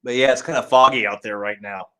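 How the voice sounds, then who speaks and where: A man's voice: mid-range voice, steady tone, fast talker, bright, forceful tone, clear, resonant tone. A man hosting a casual livestream, chatting and reading out viewer comments with frequent fillers and laughs. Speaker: livestream host.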